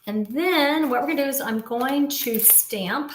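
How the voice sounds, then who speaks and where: A woman's voice: high voice, measured pace, roomy sound, background noise. A woman in her fifties casually demonstrating a papercraft project, explaining each step as she works. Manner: chatty, explains step by step while working. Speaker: papercraft instructor.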